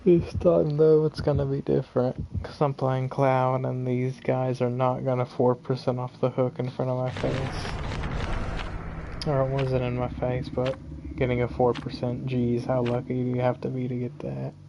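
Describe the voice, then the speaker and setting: Flat-voiced man streaming a game. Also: mid-range voice, normal speed, creaky, background noise. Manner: chatty, complaining about the game. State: tired, yawning. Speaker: gaming streamer. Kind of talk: casual gameplay commentary.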